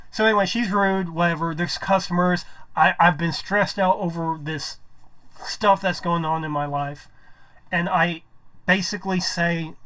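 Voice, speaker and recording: A man's voice: sits high, fairly bright tone. A man telling a personal story to camera, rambling, restarting his sentences and swearing when aggrieved. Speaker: vlogger.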